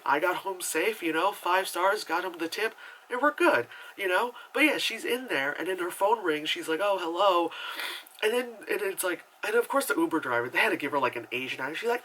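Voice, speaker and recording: A man's voice: sits high, animated, a little fast, sharp tone, slight background noise, poor audio. A man reviewing a movie in a casual, rambling chat full of asides and fillers.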